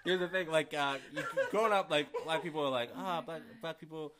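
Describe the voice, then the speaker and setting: A man's voice: a little high, fairly quick, crowd noise. A man telling a story in casual comedic chat, rambling with many restarts, laughing and swearing.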